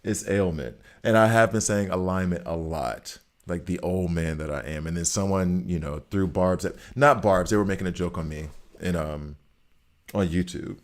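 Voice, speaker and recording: Man, very low voice, casual game streamer, chatty, thinking aloud. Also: moderate pace. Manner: chatty, talks to chat viewers, thinks aloud. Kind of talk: casual live-stream commentary while playing.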